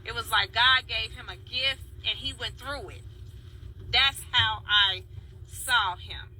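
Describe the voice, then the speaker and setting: A woman's voice: a little high, bright, forceful tone, rough recording. A woman from Chicago talking in a heartfelt, rambling way, calling out to her viewers by name. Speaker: dance video blogger. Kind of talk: casual spoken vlog.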